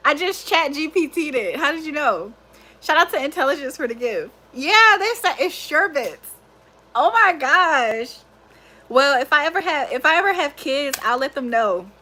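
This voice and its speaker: A young woman with a high, bright voice hosts a casual livestream chat. She talks in an animated way, laughs often and swears freely as she reacts to her viewers. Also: normal speed. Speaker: livestream host.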